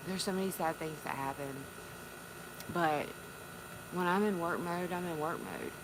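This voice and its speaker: A woman from North Carolina, chatting tearfully on a live stream, halting and repeating her words. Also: lowish voice. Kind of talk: emotional live-stream chat. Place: on a porch. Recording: noisy background.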